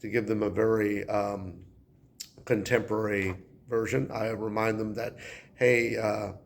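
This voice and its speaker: A male high school English teacher, explaining a poem in a relaxed, conversational way. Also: moderate pace, slight background noise. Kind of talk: classroom lesson explanation.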